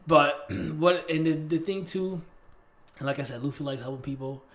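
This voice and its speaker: In this casual podcast chat, a co-host with a slightly high voice speaks at a normal speed. His storytelling is lively and slangy, with plenty of fillers and false starts.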